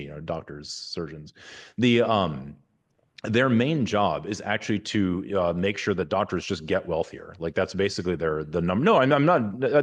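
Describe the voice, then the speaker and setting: Deep-voiced rambling man in his forties. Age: 40s. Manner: rambling, many restarts and fillers; candid, wry asides. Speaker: surgeon giving a lecture. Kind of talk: informal university talk.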